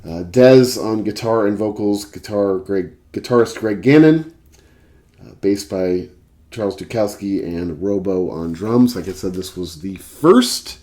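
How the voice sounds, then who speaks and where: Brief: low male vlogger, very animated pitch, rambling casual storyteller. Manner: rambling, filler-heavy, animated anecdote. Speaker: record collector and vlogger. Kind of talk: casual storytelling and album review.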